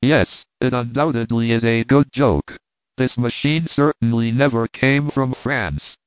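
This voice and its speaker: Brief: narrator voicing a light-hearted French journalist, teasing; dry, lo-fi sound. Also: male voice, medium pitch, steady tone, a little slow, dry recording, natural voice. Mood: jovial. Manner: cheerful, teasing. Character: merry joking French reporter, man. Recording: tinny phone-like dry sound.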